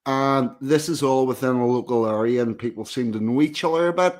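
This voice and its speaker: A man's voice: medium pitch, fairly quick, darkish tone. A man hosting a casual conversation, asking probing questions and summing things up. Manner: asks probing questions, sums up. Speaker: host.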